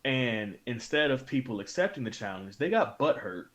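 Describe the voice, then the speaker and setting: A man's voice: medium pitch, sing-song, normal speed, a bit bright. A man co-hosting a wrestling podcast, making emphatic points and repeating them for stress. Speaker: podcast co-host. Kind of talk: casual chat.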